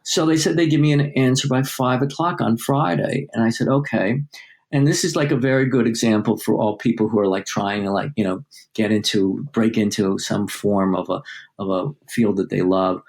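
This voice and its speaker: An older male journalist, a guest in an interview, telling stories with lively acted-out dialogue and plenty of fillers. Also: on the low side, normal speed, gravelly. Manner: lively anecdote-telling, acting out quoted dialogue, many fillers. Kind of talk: storytelling in a podcast interview.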